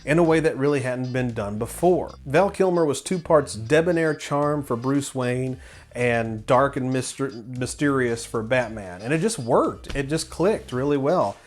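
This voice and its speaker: A man's voice: mid-range voice, expressive, unhurried. A man hosting a film review show, talking in a casual, rambling, opinionated way with many restarts. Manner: enthusiastic, opinionated.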